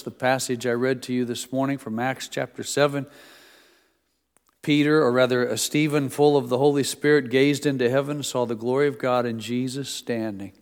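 A middle-aged male pastor giving a sermon, with folksy stories in a conversational preaching manner. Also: medium pitch. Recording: long reverb of a church hall.

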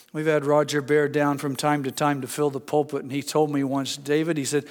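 A male pastor preaching a sermon, emphatic, rising to loud exclamations and dropping low. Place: church sanctuary. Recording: church hall with long reverb.

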